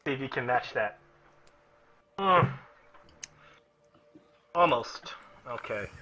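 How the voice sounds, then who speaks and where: A man's voice: medium pitch, animated, takes it slowly, sharp tone. A man narrating as game master in an online tabletop game, casual and explanatory, with many fillers and restarts, on muffled lo-fi audio.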